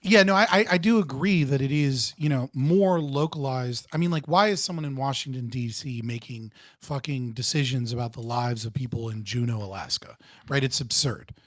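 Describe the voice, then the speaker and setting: A man guest in a casual political debate, animated and profane, who often restarts his sentences. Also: mid-range voice, normal speed, no room sound.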